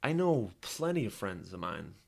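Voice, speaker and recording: A man's voice: lowish voice, very animated, normal speed, vocal fry. A young man hosting a podcast, delivering a heated, profane political rant and repeating his points. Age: young adult. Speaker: podcast host.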